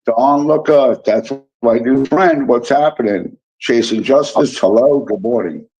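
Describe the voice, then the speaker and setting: The Illinois livestream host has a mid-range, slightly mellow voice and talks a little slowly. He casually goes through the chat, greeting viewers by name with playful teasing, and the recording sounds dull and lo-fi.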